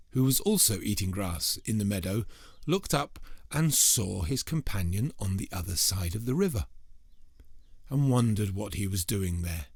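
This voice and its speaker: A man's voice: lowish voice, slightly rough, no echo, studio quality. A man telling a folk tale aloud as an oral storyteller, in a rhythmic way that includes spoken sound effects.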